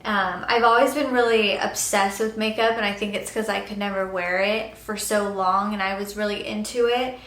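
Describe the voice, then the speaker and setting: A woman's voice: mid-range voice, fairly even intonation, normal speed, hardly any pauses, fairly bright tone. Chatty young woman in echoey room. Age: young adult. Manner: chatty, rambling, laughs now and then. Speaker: beauty vlogger. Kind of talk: casual get-ready-with-me chat.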